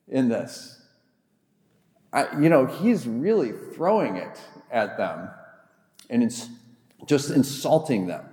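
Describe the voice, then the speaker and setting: A man's voice: lowish voice, lively intonation, a little slow, warm tone. A man preaching a sermon as a pastor, retelling a Bible story in a conversational, humorous way. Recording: echoey hall with long reverb.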